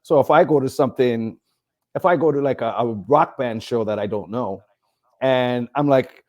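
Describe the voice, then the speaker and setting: Laid-back, mellow-voiced male rapper from Canada. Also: mid-range voice, moderate pace. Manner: laid-back, rambling, laughs often. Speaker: guest rapper. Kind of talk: casual chat.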